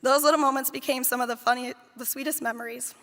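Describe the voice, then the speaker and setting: A woman with a high, bright, gravelly voice reads a heartfelt eulogy for children she cared for, speaking with tender fondness. Her words carry a long reverb from a large hall. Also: fairly even intonation, fast. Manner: heartfelt, tender, fond storytelling. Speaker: nanny giving a eulogy. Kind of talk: read memorial speech.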